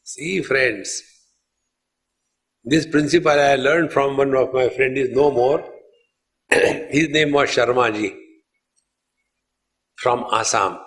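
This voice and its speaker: Swami giving an unhurried sermon. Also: male voice, mid-range voice, a bit bright. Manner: unhurried storytelling, addresses listeners as friends. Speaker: swami teaching spiritual discourse. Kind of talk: sermon on scripture.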